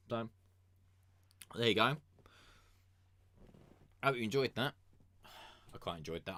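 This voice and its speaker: A man's voice: lowish voice, a bit bright, no echo. Rambling, swearing man streamer. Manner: rambling and crude, swears a lot, with many fillers. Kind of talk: casual livestream storytelling.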